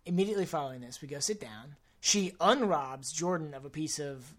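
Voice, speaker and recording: Young woman podcaster, real low voice, chatty recap, does little quotes of people. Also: animated. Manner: retells scenes with quick put-on quotes. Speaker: podcast co-host. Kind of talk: casual recap chat.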